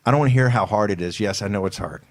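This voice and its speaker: A male talk show host haranguing his listeners in a forceful, hectoring way, often repeating himself. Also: lowish voice, rapid-fire. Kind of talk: fired-up political talk show.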